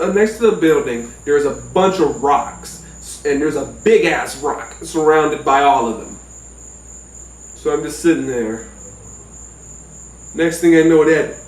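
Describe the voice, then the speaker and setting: A man telling a personal story in a casual, profane, animated way. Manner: animated, profane, jumps into high yelps. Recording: roomy sound from a distant mic.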